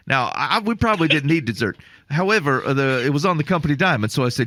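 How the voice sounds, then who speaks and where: A man of ordinary pitch hosts a casual podcast, winding through a long rambling anecdote with laughs along the way. The sound is close and dry, with no room around it. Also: expressive, fairly quick, sharp tone, no echo. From Iowa. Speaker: podcast host. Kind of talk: casual storytelling chat.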